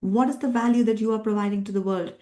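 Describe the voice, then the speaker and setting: A middle-aged NLP coach and workshop trainer, an immigrant living in Australia, leads a live workshop. Her medium-pitched voice is steady, fast, and warm as she emphatically repeats herself and rallies the group with questions.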